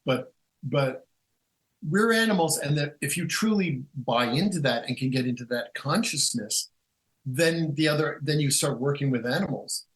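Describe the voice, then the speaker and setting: A guest author with a slightly high-pitched voice speaks at a normal pace on a low-quality recording. He rambles casually through stories, restarting often and acting out quotes in an animated way, like relaxed conversational storytelling.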